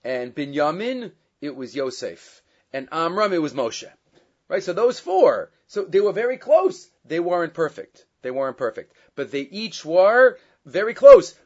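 A man teaching a Torah lesson, reading Hebrew and Aramaic texts and translating them, with many fillers and lively stretches when he retells a story. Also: fairly high pitch, unhurried. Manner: grows loud and animated when retelling the story. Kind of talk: Torah class lecture. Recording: dull lo-fi sound.

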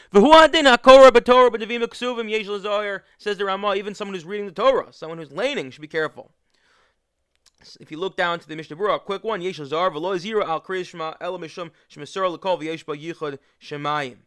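A man's voice: a little high, a bit bright, smooth, dry recording, studio quality. A man teaching a religious text, reading lines aloud and then explaining them in an easygoing way with frequent restarts. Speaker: Torah teacher. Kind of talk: text study lesson.

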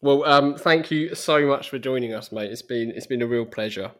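A man's voice: medium pitch, moderate pace, a bit bright. A male podcast host with a mid-range voice who sounds upbeat and friendly. He thanks his guest and reads the closing lines of the show. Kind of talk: podcast interview.

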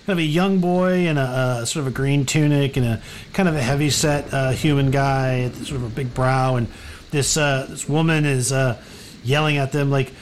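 A man's voice: medium pitch, fairly even intonation, moderate pace, a little hiss or hum. A man narrating a tabletop game as game master, loose and rambling, full of fillers.

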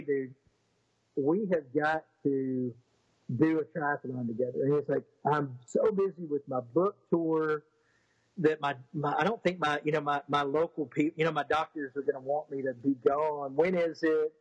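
A fairly high, husky male voice tells a story in a casual, rambling way, often restarting his sentences. When he quotes others he gets animated. The sound is dry and a little dull, as if recorded on a lo-fi setup. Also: normal speed, no echo. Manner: rambling, with frequent restarts and fillers. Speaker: interview guest.

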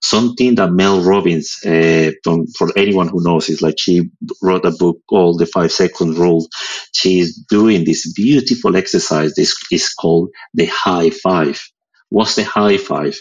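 Low raspy guy, photographer guest on a live audio show, chatty and expressive, lots of "it's like". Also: a little slow, dull audio. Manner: expressive, with many filler "it's like" phrases. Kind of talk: casual conversation on a live audio chat. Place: lives in England.

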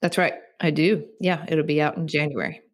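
A woman's voice: low voice, fairly even intonation, moderate pace. A woman author who is a guest on a podcast, answering in a modest way and laughing often. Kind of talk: casual chat.

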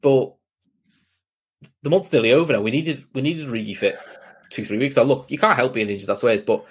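A man's voice: medium pitch, fast talker, slightly rough. A man, co-hosting a football podcast in casual, blunt, opinionated chat. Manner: blunt, opinionated, talks in long runs with restarts. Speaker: podcast co-host.

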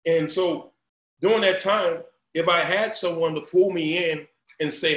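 Animated man in an echoey room. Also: a little high, measured pace, a little hiss or hum. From Louisiana. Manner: animated, repeats himself, rising into loud storytelling. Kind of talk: casual conversation. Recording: roomy echo.

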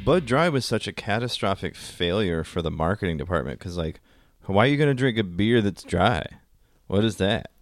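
A man in his forties with a low voice that swings widely and stays animated. He co-hosts a podcast in easy chat, laughing often, with a former radio DJ's patter. The sound is dry and close to the mic. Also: moderate pace, dry recording, faint music behind. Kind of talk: casual chat.

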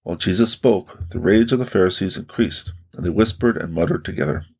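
A man reading a religious audiobook aloud in measured, even scripted narration. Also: low-pitched, slightly rough.

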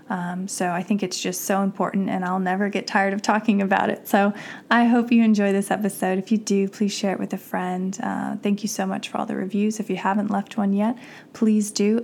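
A woman in her thirties or forties hosts a podcast in a bright, chatty way. Her voice has a gravelly, fry-tinged texture at the ends of her phrases. She talks at an everyday medium pitch. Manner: upbeat, chatty. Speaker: podcast host. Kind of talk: podcast intro and ad reads.

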